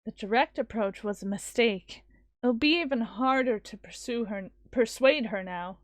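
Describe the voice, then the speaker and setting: A woman voicing a sharp, sarcastic young woman scientist from a visual novel, speaking in a dry, cutting, matter-of-fact way. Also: on the high side, normal speed, dry recording, lightly acted.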